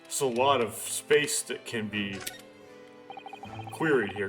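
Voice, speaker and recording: A man's voice: medium pitch, slow, pauses often, fairly bright tone. A man giving rambling, offhand commentary while playing a story game, over game music. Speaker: let's-play commentator. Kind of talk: casual gameplay commentary.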